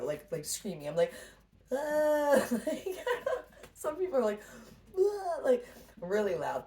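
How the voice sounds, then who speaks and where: Heard through a distant mic with faint noise, a woman with a lowish, slightly mellow voice gives a casual spiritual pep talk as a tarot reader. She's blunt, swears freely and laughs a lot.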